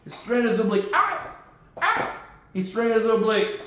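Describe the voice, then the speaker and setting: A man's voice: high-pitched, level tone, quick pace. A man hosting a casual solo sports podcast in a jokey, goofy manner. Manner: jokey and goofy, with shouted catchphrases. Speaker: podcast host. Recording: very echoey room.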